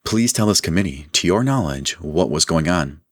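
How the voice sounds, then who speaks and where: A man voicing a formal male senator who chairs a hearing in a measured way. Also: sits low, expressive, no room sound, clean studio sound.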